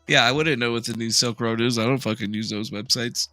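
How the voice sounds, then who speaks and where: A man's voice: medium pitch, steady tone, brisk, bright, forceful tone, no echo, soft background music. A man hosting a livestream in casual chat, laid-back, swearing freely and joking as he scrolls through news. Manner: laid-back, profane, jokey. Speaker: livestream host.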